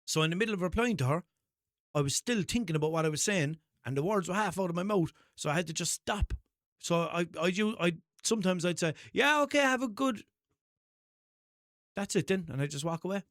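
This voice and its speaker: Young Limerick man, high-pitched, dry close sound, rambling sweary podcast host. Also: fast talker, no echo. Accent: Limerick Irish. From Ireland. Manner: rambling, sweary, self-mocking storytelling with put-on voices. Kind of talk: casual solo podcast monologue.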